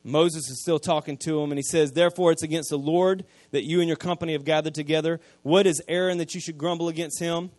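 A man, preaching a sermon, retelling scripture in casual everyday speech and swinging from quiet asides to loud emphasis. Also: a little high, fairly even intonation, fast, few pauses, no echo. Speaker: pastor.

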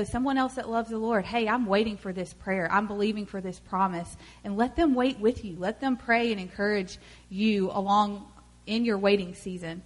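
Woman co-speaker, relaxed conversational sermon delivery. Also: medium pitch. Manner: chatty and relaxed, many fillers like "you know". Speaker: co-speaker in a church talk.

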